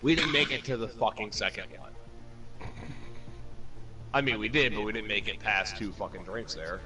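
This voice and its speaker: A young man telling a profane, animated bar story among friends, swearing constantly and acting out other people's voices. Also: on the low side, moderate pace. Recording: distant mic with loud music behind. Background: music.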